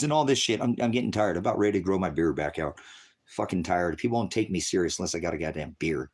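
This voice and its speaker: An angry, distraught man ranting profanely on a livestream, at times shouting. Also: lowish voice, fast talker.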